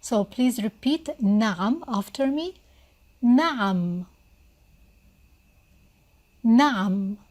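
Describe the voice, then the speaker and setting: A woman gives a beginner language lesson at an unhurried pace. Her voice sits slightly high. She repeats each word patiently so the learner can follow along. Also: lively intonation, darkish tone. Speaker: Arabic teacher.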